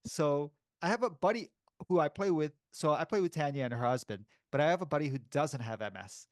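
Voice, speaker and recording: A man's voice: a little high, brisk, dry recording, clean studio sound. A man co-hosting a podcast, telling funny stories in a casual chat, laughing often and acting out other people's voices. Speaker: podcast co-host.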